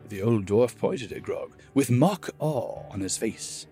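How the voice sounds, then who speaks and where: A man reading fantasy fiction aloud as narrator, in measured, steady storytelling. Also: mid-range voice, soft background music. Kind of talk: scripted narration.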